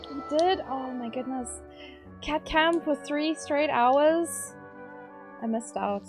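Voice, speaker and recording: Casting: bubbly South African woman streamer, slightly high voice, slow and easy delivery, faint music behind. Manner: bubbly, giggly, greets chatters by name. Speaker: livestreamer. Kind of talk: casual chat with stream viewers.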